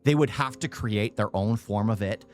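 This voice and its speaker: A young man streaming a reaction video, talking fast and loud, stuttering and repeating himself. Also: fairly low pitch, soft background music. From United States. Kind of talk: casual reaction commentary.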